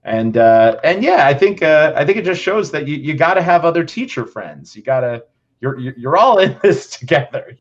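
A young man who teaches, hosting a casual podcast and telling a story with animated, playful reenactments of his own thoughts. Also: on the high side, moderate pace. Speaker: podcast host. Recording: slightly dull lo-fi sound.

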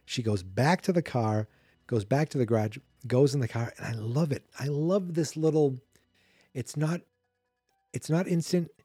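Male podcast host, dry close mic, mellow tone, loose self-correcting movie recap. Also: medium pitch, normal speed, slightly rough, dry recording, soft background music. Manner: rambling, chatty, self-correcting. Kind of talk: casual movie recap commentary.

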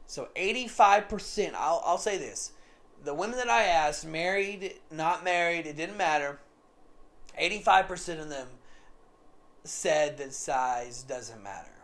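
A man's voice: a little high, lively intonation, a little slow, a bit bright. A man telling a story in a casual, rambling monologue, repeating himself often. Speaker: vlogger.

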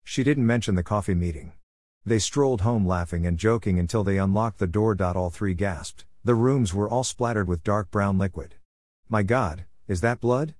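Low-voiced man reading a story. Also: no echo. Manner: measured, even storytelling. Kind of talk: scripted story narration.

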